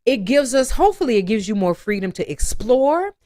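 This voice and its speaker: A woman's voice: a little high, sing-song, fairly quick, warm tone, dry recording, studio quality. A woman voice teacher giving an online singing lesson, encouraging her students and breaking into sung phrases and vocal exercises.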